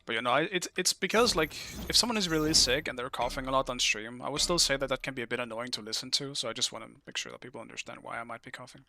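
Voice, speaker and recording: A man's voice: mid-range voice, racing, gravelly, few pauses, bright, forceful tone. A man streaming a game who has been sick and coughs now and then, chatting in a rambling, self-correcting way to his viewers. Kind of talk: casual live-stream chat while playing.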